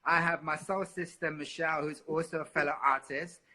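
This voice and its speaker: Expressive bright-voiced man. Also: fairly high pitch, brisk. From London. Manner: expressive, repeats words, lots of "you know". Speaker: singer and interview guest. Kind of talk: live interview, candid.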